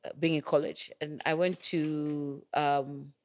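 A woman's voice: deep voice, flat delivery, unhurried, darkish tone. A middle-aged woman from Kenya, a guest in an interview, telling stories casually and laughing often. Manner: chatty, laughs often, acts out quoted dialogue.

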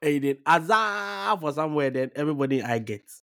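Excitable man, sports talk. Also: fairly high pitch, a little fast, creaky. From Africa. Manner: excitable, mixes pidgin and English. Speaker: podcast co-host. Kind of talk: casual sports chat.

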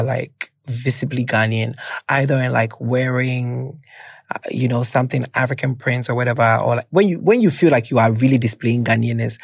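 A podcast host chatting casually and expressively, with quick asides. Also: medium pitch, husky, no room sound, clean studio sound. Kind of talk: casual interview chat.

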